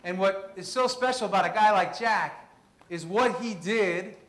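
High-voiced storytelling man from Queens. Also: measured pace. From Queens, New York. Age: 30s. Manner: animated storyteller. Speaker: presenter. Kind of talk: storytelling presentation. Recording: echoey room.

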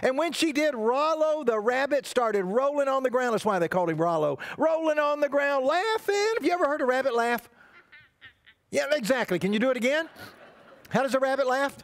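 A man's voice: very high-pitched, lively intonation, a little fast, no echo. A male pastor telling a playful children's story in church, asking the kids to join in. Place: church sanctuary.

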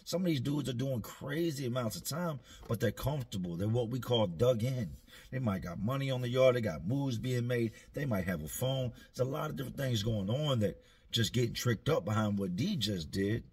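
Husky laid-back male storyteller. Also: medium pitch, lively intonation, moderate pace. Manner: laid-back, slangy, dry. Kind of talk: casual storytelling.

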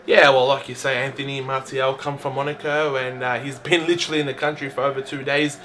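A man playing a football manager answering pre-match press questions in a measured, filler-heavy way. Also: mid-range voice, level tone, pushed and bright, slight background noise, voice pushed down, natural voice. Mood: composed.

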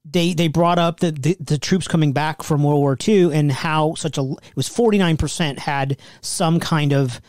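A middle-aged man co-hosting a podcast, chatting casually and agreeably, with lots of quick short affirmations. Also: fairly high pitch, darkish tone, no room sound, clean studio sound. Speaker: podcast co-host. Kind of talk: casual conversational chat.

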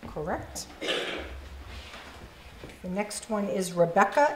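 A woman with a New England accent runs a spelling bee, explaining the rules and reading each word in a friendly, encouraging way. Her voice sits at an ordinary pitch and rings out in a reverberant hall with a faint hiss behind it. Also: normal speed. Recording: echoey hall.

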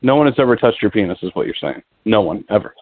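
A man's voice: lowish voice, animated, fast talker, dry recording. A man calling in to heckle the host, needling and accusing him and talking over him. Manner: needling, accusing, keeps interrupting. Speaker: prank caller. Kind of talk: call-in heckling. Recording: tinny dry phone line.

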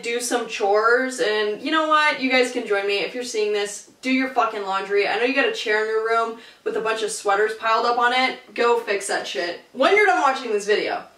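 A woman's voice: a little high, a bit bright. A young woman vlogging from her room at home, chatting casually and swearing now and then, recorded on the camera's own mic. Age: young adult. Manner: casual, swearing, lots of "like" and "literally". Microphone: camera mic, no external mic. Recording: roomy, distant camera audio.

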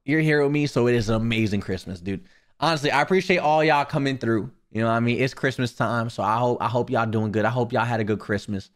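A man streaming live, chatting casually with viewers and ranting in a profane, animated way. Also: medium pitch, fast.

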